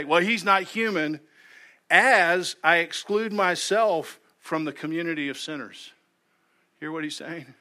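A man's voice: on the high side, sharp tone. A male pastor preaching a sermon in an earnest way, often repeating words as he starts a sentence. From United States.

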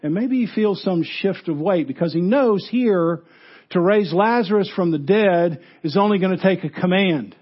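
The slightly rough voice of a male pastor carries an earnest funeral sermon, going loud to stress points and falling quiet and low in between. The audio is dull.

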